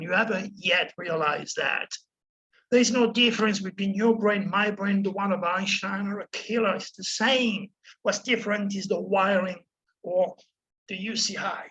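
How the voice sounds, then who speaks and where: Male astrologer, preachy, impassioned direct-to-camera monologue, high and bright tone. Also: low-quality recording. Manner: preachy, impassioned, addresses listener as "my friend". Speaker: astrologer addressing viewers.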